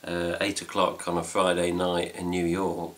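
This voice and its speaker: Here the English host sounds low and monotone, moving at normal speed. He's a middle-aged man from England chatting loosely to camera in a home room with cats for a fan news video, with a bit of casual swearing.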